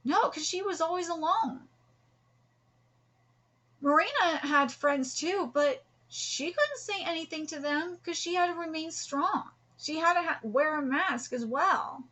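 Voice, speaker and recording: A woman's voice: extremely high pitch, unhurried, bright, forceful tone, poor audio. A woman hosting a live manga reaction, talking in an earnest, heartfelt way and rambling with restarts. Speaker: host reacting to a manga chapter.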